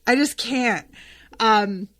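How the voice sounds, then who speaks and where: A woman hosting a podcast who reads a book aloud and reacts to it in an excitable way, swearing freely and laughing. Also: on the high side, drawn-out words, no room sound, clean studio sound. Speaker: podcast host.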